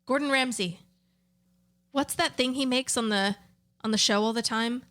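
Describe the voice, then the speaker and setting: A young woman co-hosting a podcast, chatting casually in an animated, giggly way and swearing freely. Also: on the high side, moderate pace. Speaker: podcast co-host. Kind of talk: casual chat.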